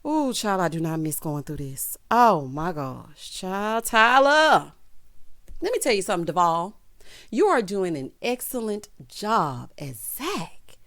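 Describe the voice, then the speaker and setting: A woman reviewing a TV episode in casual, sassy commentary. Her pitch swings widely as she talks. She keeps calling her listeners honey and child. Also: unhurried. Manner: sassy, expressive, calls viewers honey and child. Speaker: TV recap reviewer.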